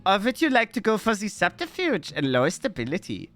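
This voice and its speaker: A man's voice: high-pitched, wildly swooping pitch, fairly quick, a bit bright. A man, streaming a game in chatty commentary, often laughing and reading game text aloud. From Austria. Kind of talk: gameplay commentary.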